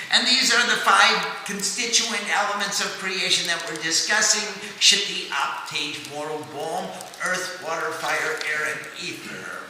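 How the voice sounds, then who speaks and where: A man teaching a scripture class, chanting sacred names and telling stories in a halting way with many fillers. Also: fairly high pitch, lively intonation, sharp tone, a little hiss or hum. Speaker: spiritual teacher. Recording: echoey hall, mic at a distance.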